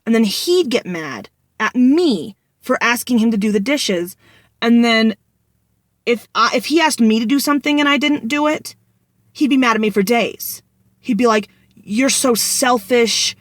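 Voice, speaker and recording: A woman's voice: fairly high pitch, moderate pace, dry recording, studio quality. Young woman venting in a rambling vlog. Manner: rambling, venting, frequent restarts. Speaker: vlogger. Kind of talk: candid personal storytelling.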